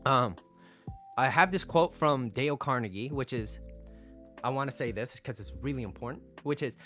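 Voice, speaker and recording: A man's voice: medium pitch, normal speed, sharp tone, faint music behind. A man giving casual relationship advice, talking straight to viewers and repeating his key points with a lot of "right?" and "like". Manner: conversational, peppers lines with "right?" and "like". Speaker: dating and relationship coach.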